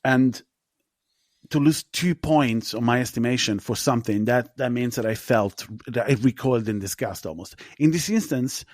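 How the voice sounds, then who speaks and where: A man's voice: mid-range voice, moderate pace, no echo. Man, podcast host, casual film review chat, emphatic and opinionated, dry close sound.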